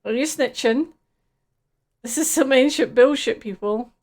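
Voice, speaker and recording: Woman doing a swaggering street kid, brash and crude, throaty rasp. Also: high-pitched, a little slow, darkish tone, pitched above the performer's own voice. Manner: swaggering, profane, third-person talk. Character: foul-mouthed brash teenage boy street kid.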